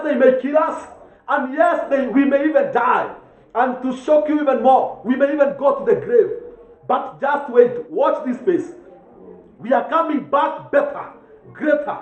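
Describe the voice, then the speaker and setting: A Kenyan man preaching a fervent sermon as pastor, switching between English, Swahili and Kikuyu. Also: extremely high pitch. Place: church hall. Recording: echoey church, tinny phone-like sound.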